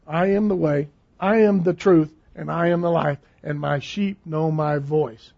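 A man's voice: on the high side, steady tone, unhurried, gravelly. A man preaching a sermon in a conversational, emphatic way, repeating phrases for stress. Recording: dull lo-fi recording.

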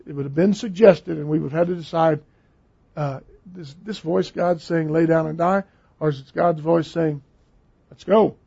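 A man's voice: fairly high pitch, moderate pace, gravelly, warm tone, slightly rough. A man preaching a sermon in a conversational, emphatic way, repeating phrases for stress. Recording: dull lo-fi recording.

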